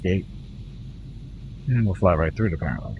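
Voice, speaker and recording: Canadian man, very low voice, casual rambling gameplay commentary, faint background hiss. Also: moderate pace, vocal fry, dull audio. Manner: relaxed rambling, talks to chat. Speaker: gaming streamer.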